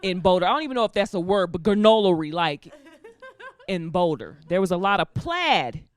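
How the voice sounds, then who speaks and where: A young woman doing a stand-up comedy set, telling stories in an animated, laughing way and slipping into voices, on a stage with a live audience. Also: on the low side, normal speed. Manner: animated, laughing storytelling that slips into character voices.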